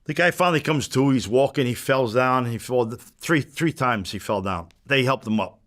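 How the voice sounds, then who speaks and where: A man's voice: medium pitch, moderate pace, fairly bright tone. Blunt, profane man telling a story. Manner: blunt, profane, re-enacts exchanges as he tells them. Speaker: interview guest. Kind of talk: casual storytelling interview.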